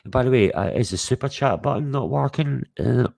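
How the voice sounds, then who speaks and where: A man's voice: mid-range voice, animated, brisk, creaky, darkish tone. A man hosting a livestream, chatting casually to his chat, teasing and swearing freely. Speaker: livestream host.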